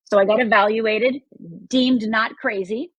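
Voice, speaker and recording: A woman's voice: a little high, steady tone, a little slow, slightly rough, no echo, rough recording. A woman in her sixties from Upper Michigan, telling a personal story as an interview guest in an earnest, emphatic way. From Upper Michigan, United States. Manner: earnest, emphatic, acts out quoted voices. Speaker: guest, life coach.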